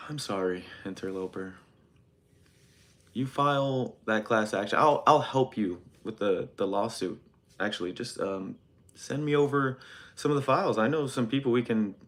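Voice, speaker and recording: A young man streams live from his phone, reading the chat as he offers a halting, hesitant apology that is deadpan and only mock-sincere. His voice sits at a medium pitch.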